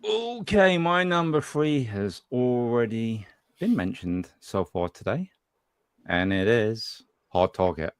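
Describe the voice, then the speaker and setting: A low-pitched man talks in an easygoing, reflective way. The voice sounds dry and close, with no room sound around it. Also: expressive, slow pace, smooth, no echo. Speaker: podcast co-host. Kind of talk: casual chat.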